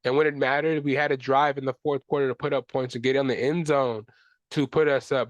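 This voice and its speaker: A man's voice: medium pitch, steady tone, a little fast, no echo. A young man hosting a solo sports podcast, ranting in frustration with casual slang and profanity. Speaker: podcast host.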